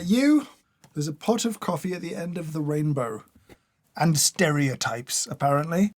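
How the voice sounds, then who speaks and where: A man's voice: on the high side, a little mellow, dry recording. A man doing casual taste-test commentary, dry and sarcastic, scolding each product he tries. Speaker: food taste tester.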